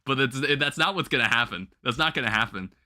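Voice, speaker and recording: A young man hosting a livestream, chatting casually while gaming and telling rambling, animated stories with some swearing. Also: mid-range voice, fast talker. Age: young adult. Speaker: livestream host.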